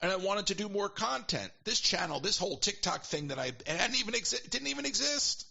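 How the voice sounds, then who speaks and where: A man casually telling a long story as a podcast guest, animated and quick to quote people in put-on voices. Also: high voice, gravelly, highs cut off. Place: at home.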